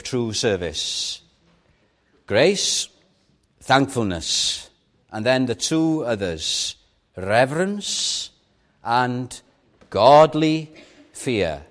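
A man preaching a sermon, earnest and measured, with dramatic pauses on key words. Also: medium pitch.

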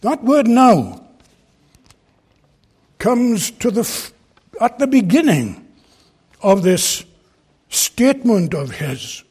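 Deliberate, husky-voiced male preacher. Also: high voice, big pitch swings, a little mellow. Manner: earnest, emphatic, deliberate Bible exposition. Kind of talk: expository sermon. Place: church pulpit.

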